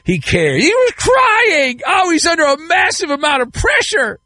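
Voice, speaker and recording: A man's voice: extremely high pitch, huge pitch swings, moderate pace, pushed and bright, no echo, voice pushed up, heavily acted. A man voicing a whiny, defensive male sports fanboy who pleads in an overwrought way. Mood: whiny pleading.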